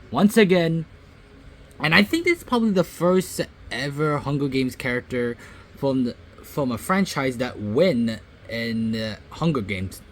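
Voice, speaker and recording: Young dude narrating a sim game, reads flat then yells in surprise. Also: male voice, medium pitch, a little hiss or hum. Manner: reads results aloud, then breaks into loud surprised outbursts. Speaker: gaming YouTuber reading a simulator. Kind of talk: casual reaction commentary.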